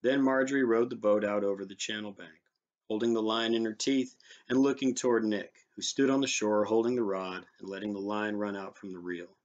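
Low-voiced man reading a story aloud. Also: fairly even intonation, fairly quick, muffled recording. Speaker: reader. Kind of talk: literary narration.

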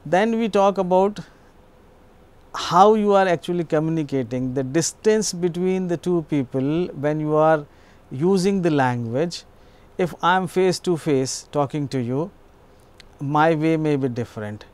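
Smooth-voiced lecturer. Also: male voice, fairly high pitch, measured pace, darkish tone. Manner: explanatory, repeats himself with small restarts. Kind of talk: educational lecture.

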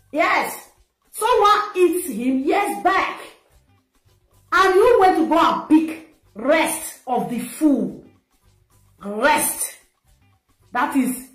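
A Nigerian woman giving a scolding, mocking social media rant that slips into pidgin. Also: sits high. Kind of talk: ranting commentary. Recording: echoey room with faint music.

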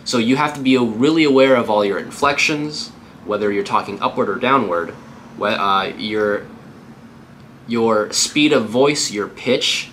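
A man's voice: medium pitch, unhurried, fairly bright tone, slight background noise. A man working as a real estate agent, giving a casual, upbeat tutorial on cold calling between live calls.

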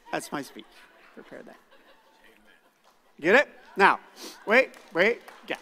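A middle-aged male pastor preaching a sermon, moving from quiet asides to loud outbursts. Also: sits high, big pitch swings, slow pace, long pauses, husky, long reverb tail. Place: church sanctuary.

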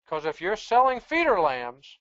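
A presenter giving a webinar lecture on sheep breeding in a measured, explanatory, plain-spoken way. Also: medium pitch, huge pitch swings, a bit bright, no echo, dull audio.

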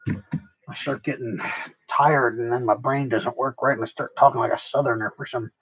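A man's voice: mid-range voice, steady tone, normal speed, husky, lo-fi sound. A man livestreaming while he works on a craft project, tired, rambling and profane, mocking himself as he goes.

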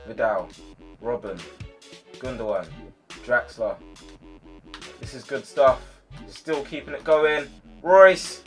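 A young man giving live commentary on his own football video game match, excitable, yelling at his players and sighing in frustration. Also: medium pitch, takes it slowly, pauses often, faint music behind. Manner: excitable, shouts at players, swings to frustrated sighs. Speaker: gaming YouTuber.

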